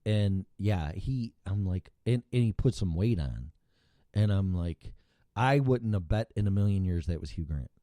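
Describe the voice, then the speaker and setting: A man's voice: deep voice, expressive, a little slow, warm tone, no echo. Rambling, foul-mouthed male talk show host. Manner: rambling, profane, with frequent restarts. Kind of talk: casual podcast chat.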